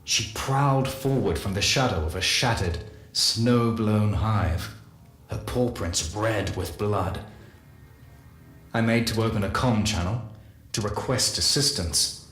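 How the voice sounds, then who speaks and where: Solemn scientist journal for a game, slow and deliberate, roomy echo. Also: male voice, fairly low pitch, fairly bright tone. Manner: slow, measured, confessional. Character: solemn male scientist recounting guilty secrets. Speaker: narrator of a game audio journal. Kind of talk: scripted game narration. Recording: echoey voice with faint music.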